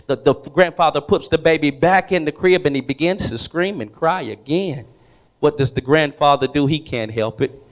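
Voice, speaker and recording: Storytelling preacher, fairly high voice. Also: male voice, moderate pace. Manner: storytelling preacher who repeats words and asks the congregation questions. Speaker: pastor. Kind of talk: sermon. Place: church hall with congregation.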